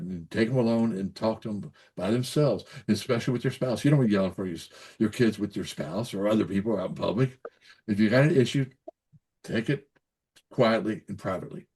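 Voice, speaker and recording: Blunt parenting and health tips come from an older Kentucky pediatrician guesting in a casual interview. His low voice is a little mellow with a breathy edge, and his folksy, emphatic delivery repeats words, checks in with the listener, and leans on "so anyways" and "okay?".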